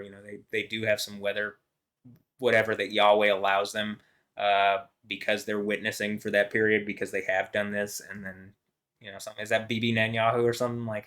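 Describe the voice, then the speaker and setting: A man's voice: lowish voice, a bit bright. A man talking alone to camera in a meandering, profane monologue, full of fillers and restarts. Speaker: vlogger. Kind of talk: rambling solo monologue.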